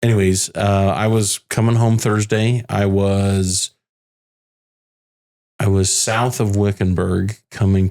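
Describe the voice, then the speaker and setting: Low gravelly father telling his story. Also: darkish tone. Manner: halting, restarts often, quotes others' words. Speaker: bereaved father, podcast guest. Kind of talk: emotional personal storytelling. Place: home in the Phoenix area.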